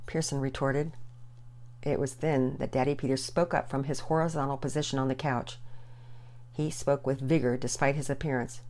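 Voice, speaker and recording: A woman narrates a children's storybook with a low voice. Her reading is measured and expressive.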